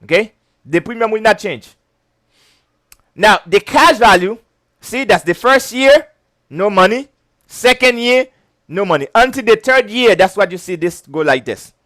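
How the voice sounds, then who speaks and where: High-voiced chatty male instructor. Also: animated, a little slow, long pauses, pushed and bright, dry recording. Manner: chatty, keeps checking "okay?", breaks into giggles. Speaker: insurance licensing instructor. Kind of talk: casual whiteboard lecture.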